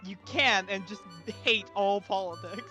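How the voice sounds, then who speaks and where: Male co-host, high voice, giggly and animated, over clear game music. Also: a little slow. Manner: animated, laughs often, trips over his words. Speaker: co-commentator on stream. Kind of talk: casual chat.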